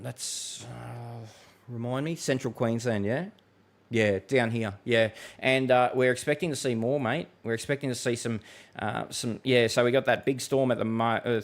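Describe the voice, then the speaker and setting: A man's voice: mid-range voice, vocal fry. A middle-aged Australian man hosting a live weather stream, chatting loosely with viewers and rambling through many fillers and restarts. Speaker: weather livestream host. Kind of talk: casual live chat reading viewer comments.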